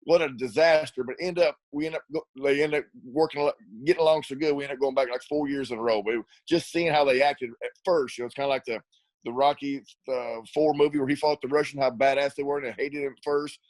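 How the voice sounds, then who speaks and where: A quick, chatty middle-aged man tells racing-trip stories in a rambling way, stumbling over repeated words and laughing as he goes. His voice is close and dry, with no room sound around it. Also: mid-range voice, steady tone, dry recording, low-quality recording. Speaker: ATV racer and riding school coach. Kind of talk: casual storytelling interview.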